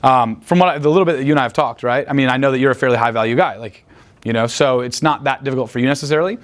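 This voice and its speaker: A man coaching a live group in a room, talking in a chatty, profane way and tagging many points with "right?". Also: mid-range voice. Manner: rapid, profane, chatty, asks "right?" often. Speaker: dating coach. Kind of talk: live seminar talk.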